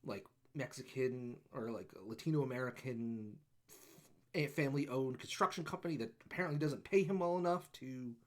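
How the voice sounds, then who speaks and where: Here a male podcast co-host, mid-range in voice and moderate in pace, retells a movie's plot in an animated, profanity-laced rant. Along the way he acts out the characters' dialogue in a casual review chat.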